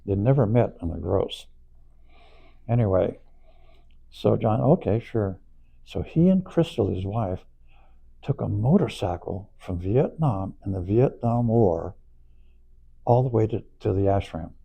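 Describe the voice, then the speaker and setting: A man telling a story in a casual, animated way, acting out quoted voices and chuckling along. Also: on the low side, a little slow, vocal fry, long pauses, slightly rough, dull audio. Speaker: storyteller recalling past events. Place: auditorium, on stage.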